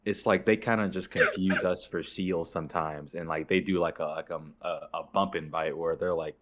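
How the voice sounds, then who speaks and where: A man's voice: low voice, steady tone, normal speed, a bit bright. A man co-hosting a podcast, explaining things loosely with lots of fillers. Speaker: podcast co-host. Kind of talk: casual movie review chat.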